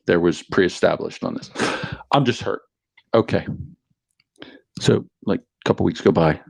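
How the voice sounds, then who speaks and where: A middle-aged father co-hosting a podcast, telling stories with lively, acted-out dialogue. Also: deep voice, unhurried, vocal fry, no room sound. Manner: animated storyteller, acts out dialogue. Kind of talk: casual podcast chat.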